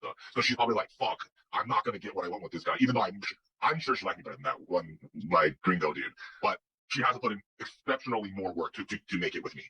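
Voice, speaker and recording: Fast-talking man with a raspy edge. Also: fairly low pitch, bright, forceful tone, rough recording. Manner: rambling, with many restarts and quoted dialogue. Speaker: guest telling his story. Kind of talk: casual conversational storytelling.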